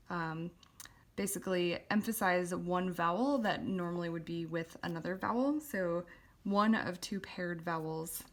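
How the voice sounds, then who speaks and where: A woman calmly teaching a calligraphy lesson, explaining step by step with occasional ums while she writes. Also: on the low side. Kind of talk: instructional voice-over while writing.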